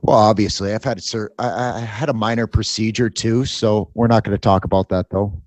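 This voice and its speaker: A male podcast co-host with a very deep voice. He jokes around, speaks his mind and laughs easily. He is recorded close and dry. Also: fairly even intonation, brisk, few pauses, darkish tone, dry recording. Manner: joking, opinionated, laughs easily. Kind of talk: casual chat.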